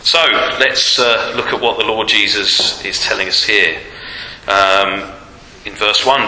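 A male preacher giving a Sunday sermon, asking rhetorical tag questions and pausing on fillers, in a church hall with a long reverb. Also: lowish voice, steady tone, pushed and bright. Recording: roomy hall reverb, faint noise.

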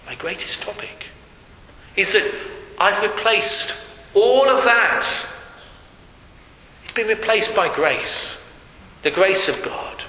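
High-voiced man preaching in an echoey hall. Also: expressive, slow, long pauses. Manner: emphatic, repeating phrases, dropping to hushed tones. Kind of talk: sermon. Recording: echoey hall with faint hiss.

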